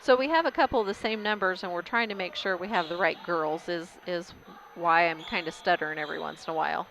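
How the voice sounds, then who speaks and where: A woman calling a school basketball game as a local announcer, casual and hesitant, with frequent pauses and fillers. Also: on the low side, a bit bright, slight background noise, low-quality recording. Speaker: play-by-play announcer. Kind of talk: local sports commentary.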